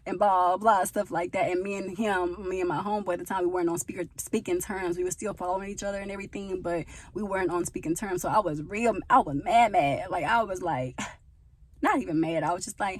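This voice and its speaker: A woman's voice: fairly low pitch, fairly quick, breathy edge. A woman chatting casually to her viewers on a phone camera outdoors, with rambling asides, calling them y'all. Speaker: vlogger. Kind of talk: casual faith-sharing vlog to viewers. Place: outdoors at her parents' home.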